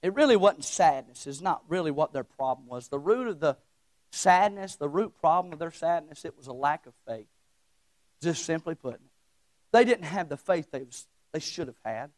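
A young man preaching a sermon, swinging between shouting and hushed folksy talk. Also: fairly high pitch, expressive, moderate pace, dry recording, clean studio sound. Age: young adult.

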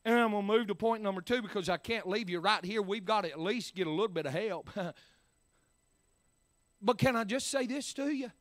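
Preacher guy, really high bright voice, goes soft then shouts, lots of uh's. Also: brisk, no echo. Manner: swings from quiet to shouting, many "uh" fillers. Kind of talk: sermon.

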